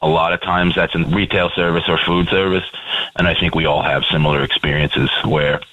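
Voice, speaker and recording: A man's voice: extremely low pitch, pushed and bright, breathy edge, no room sound, lo-fi sound. A plainspoken man, an ice cream shop owner speaking as a radio guest. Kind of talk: phone-in radio interview.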